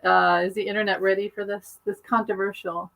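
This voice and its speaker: A woman's voice: medium pitch, little pitch movement, fairly quick, creaky, fairly bright tone, slight background noise, rough recording. Chatty woman on a video call. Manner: chatty, rambling, laughs often. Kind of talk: casual chat.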